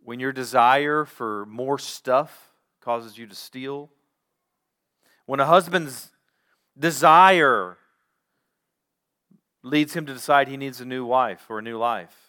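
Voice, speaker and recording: A pastor preaching a sermon, teaching through a Bible passage with measured pauses. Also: male voice, medium pitch, pushed and bright.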